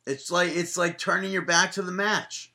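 A man co-hosts a podcast in loose, joking chat, dropping curses and restarting his thoughts. His voice is bright and clear. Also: sits high, moderate pace. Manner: loose, joking, swears freely. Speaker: podcast co-host.

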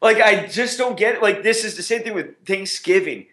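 A man's voice: sits high, normal speed, a bit bright, reverberant. A man co-hosting a podcast, recapping wrestling in casual chat with a laid-back, rambling way of talking. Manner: laid-back, trails off with fillers. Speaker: podcast co-host.

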